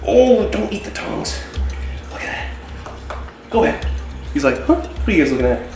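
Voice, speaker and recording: Heard from a distance in an echoey room with music in the background, a reptile keeper hosts his casual animal-keeping vlog. His high-pitched, creaky voice moves in a sing-song way at a moderate pace as he enthusiastically coaxes his reptiles along.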